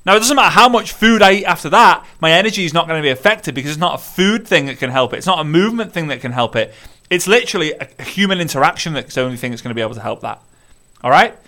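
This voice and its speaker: A man from the United Kingdom giving an energetic, repetitive motivational talk to business builders, addressing listeners directly. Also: on the high side, rapid-fire. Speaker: network marketing business coach. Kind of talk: motivational monologue.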